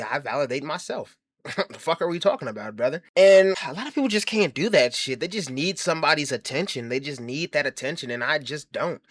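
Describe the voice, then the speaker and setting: A man's voice: mid-range voice, a bit bright, no echo. A man giving a comedic monologue, bragging in a brash, profane, mock-grandiose way and rambling through self-interrupting asides. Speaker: comedy commentary host.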